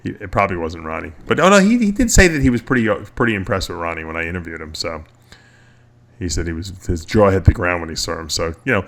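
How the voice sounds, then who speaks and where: A man's voice: low voice, expressive, quick pace, a bit bright. A middle-aged man hosting a radio show, chatting casually in a rambling way and chuckling often. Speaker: podcast host.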